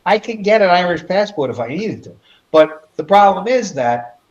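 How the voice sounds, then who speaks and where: Profane, animated New man. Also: high-pitched, moderate pace. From New York. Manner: profane, blunt, heated. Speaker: journalist guest. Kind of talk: casual stream chat. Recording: dull lo-fi audio.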